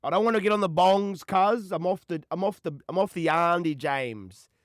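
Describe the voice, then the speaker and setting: A man's voice: high voice, normal speed, no room sound, studio quality. A young Australian man hosting a call-in podcast, rambling in slang and ending lines with "cuz" and "bro.". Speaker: podcast host. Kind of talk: casual chat answering callers.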